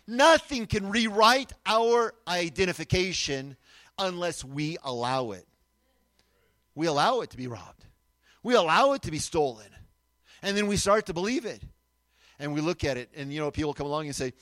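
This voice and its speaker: A man preaching a sermon, emphatic, moving between loud declarations and quiet asides and asking the audience to answer back. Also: fairly high pitch, big pitch swings, normal speed, no room sound. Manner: asks the audience questions and has them repeat after him.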